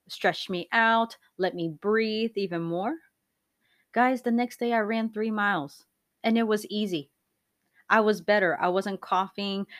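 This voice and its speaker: Candid rambling mom podcaster, dry sound. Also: female voice, mid-range voice, no room sound. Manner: rambling, candid, laughs often, acts out quotes loudly. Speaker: podcast host. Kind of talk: casual chat.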